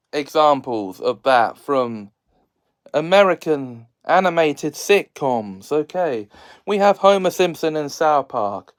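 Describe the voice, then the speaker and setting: Slow, clear-voiced man hosting a chatty video. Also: on the high side. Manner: laughs between lines, jokey and sarcastic. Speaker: video host. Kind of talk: casual solo commentary.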